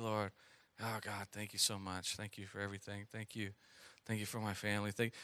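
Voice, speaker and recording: A man preaching a sermon in a conversational way, asking the congregation questions and acting out a mumbled prayer in a low voice. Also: sharp tone. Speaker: pastor.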